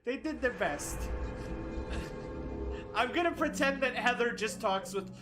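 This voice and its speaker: A woman's voice: fairly high pitch, expressive, measured pace, music in the background. A woman streamer giving casual, jokey and sarcastic commentary while playing a game. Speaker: gaming streamer. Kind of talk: casual let's play commentary.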